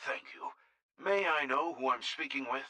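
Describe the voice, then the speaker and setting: A man voicing a doctor in a game, formal and measured on a call. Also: medium pitch, lively intonation, bright, forceful tone. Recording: voice over clear music.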